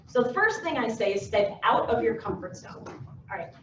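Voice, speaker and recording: A lively woman whose voice is on the high side presents at a moderate pace in an echoey meeting room before a live audience. As a workshop presenter and success coach, she acts out little scenes in different voices, far from the mic, so the sound is dull and a bit noisy.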